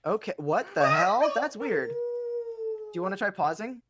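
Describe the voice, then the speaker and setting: A man's voice: high voice, big pitch swings, normal speed, heavy background noise. A man chatting casually and rambling as he streams a racing game, laughing often. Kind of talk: casual gaming chat.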